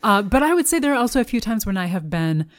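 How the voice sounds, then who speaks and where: A woman speaking as a podcast guest from her apartment, chatting in a measured, thoughtful way with frequent ums. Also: mid-range voice, big pitch swings, no echo, clean studio sound. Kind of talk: casual chat. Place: home apartment.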